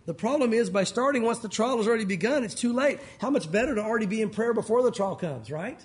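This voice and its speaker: A man preaching a sermon as pastor, animated and earnest, his voice rising and falling. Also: high-pitched, fast.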